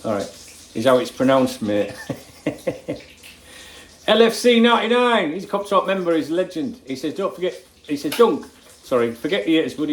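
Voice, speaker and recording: A man's voice: fairly high pitch, darkish tone, roomy sound, slight background noise, rough recording. An older man, casually reading out viewer comments in his kitchen, blunt and jokey with plenty of swearing. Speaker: football fan channel host. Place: home kitchen while cooking.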